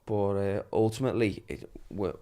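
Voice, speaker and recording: A young man with a Liverpool (Scouse) accent speaks at a fairly low pitch and moderate pace in a mellow voice. He's a podcast guest in casual conversation, earnest and chatty, laughing often.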